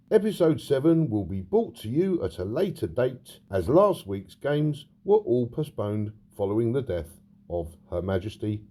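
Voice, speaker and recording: A man's voice: medium pitch, dark tone. A man hosting a comedy football roundup in a mocking, sarcastic manner. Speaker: host and interviewer.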